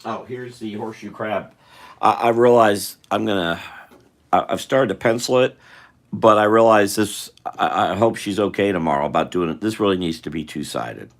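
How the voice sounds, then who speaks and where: A man's voice: on the low side, normal speed. A man chatting casually and thinking aloud to his viewers as he draws live. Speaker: artist drawing live for viewers. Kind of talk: casual rambling chat while drawing.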